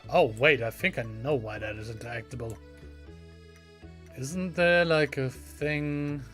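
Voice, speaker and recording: A man's voice: medium pitch, measured pace, fairly bright tone, faint music behind. A man giving casual, chatty let's play commentary with a self-deprecating streak, reading game lines aloud. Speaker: gaming channel host.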